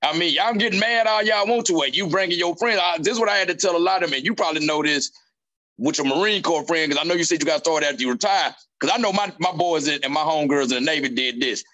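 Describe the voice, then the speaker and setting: Lively high-voiced male comedian telling stories. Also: fast talker. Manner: animated storyteller acting out quotes. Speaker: stand-up comedian. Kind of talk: casual chat between comedians.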